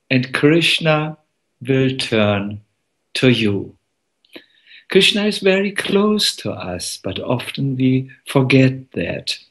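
A monk gives a devotional talk in a medium-pitched voice, telling a story unhurriedly and gently, with many pauses.

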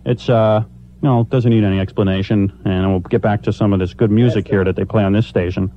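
A man's voice: fairly low pitch, steady tone, brisk. A man working as a radio disc jockey, joking on air in a playful, mock-sentimental, self-mocking way. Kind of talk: joking morning radio banter. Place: radio studio. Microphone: studio microphone. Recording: muffled old radio aircheck.

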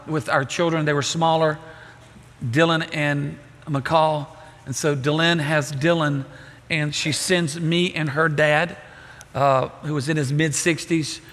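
A middle-aged man preaching a sermon, telling a story with lively acted-out voices. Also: a little high. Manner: animated storytelling, acting out voices. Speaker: pastor. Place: church sanctuary. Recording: reverberant church hall.

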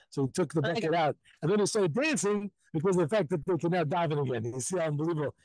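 A man's voice: a little high, fast, hardly any pauses, no room sound, low-quality recording. A man from Jerusalem telling a story live as a rabbi, acting out the voices of the people in it. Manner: animated, acts out voices in stories.

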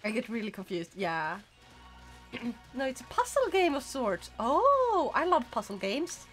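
Giggly, slow-talking woman streamer. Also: a little high, huge pitch swings, a bit bright, soft background music. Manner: giggly and chatty, reacting to chat. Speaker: game streamer. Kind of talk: casual livestream chat while playing.

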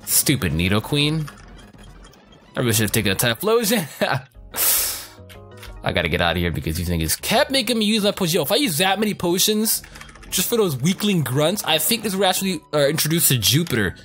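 A young man giving casual, profane commentary over his gameplay, joking, rambling and reacting loudly to what happens on screen. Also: a little high, huge pitch swings, fairly quick. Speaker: let's play gamer. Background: faint game music.

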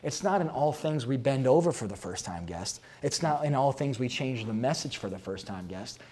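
Expressive male pastor telling a story. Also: medium pitch, moderate pace, slightly rough. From South Dakota. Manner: animated, expressive storyteller who laughs at his own stories. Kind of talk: sermon-style storytelling talk.

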